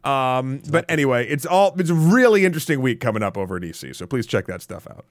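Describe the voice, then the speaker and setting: A man's voice: medium pitch, animated, fast talker, no room sound. Jokey male podcast co-host, dry sound. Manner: rambling and jokey, many restarts. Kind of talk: casual chat.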